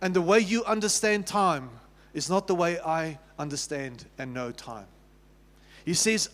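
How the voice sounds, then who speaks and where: High-voiced South African pastor preaching. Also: male voice, measured pace, a bit bright. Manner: conversational preaching with repeated restarts and questions to the congregation. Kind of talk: sermon. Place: church sanctuary. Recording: long reverb of a church hall.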